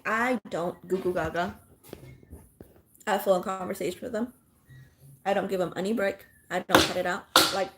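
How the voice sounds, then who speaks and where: A woman's voice: mid-range voice, slight background noise. A woman speaking as a mother, giving blunt parenting advice in casual chat with viewers and swearing freely.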